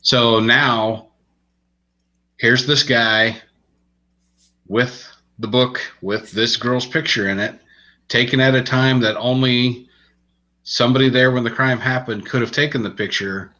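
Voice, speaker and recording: A man's voice: mid-range voice, a little slow, pauses often, muffled recording. A man on a podcast, chatting casually as he retells a book's plot in a rambling way, with restarts along the way. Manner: relaxed, rambling storytelling with restarts. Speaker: podcast co-host reviewing books. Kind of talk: casual chat.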